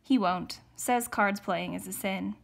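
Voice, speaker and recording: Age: young man. Figure: eager, chatty young soldier, read aloud by a woman. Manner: talkative, hollers when excited. Pitch: medium. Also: a little slow, vocal fry.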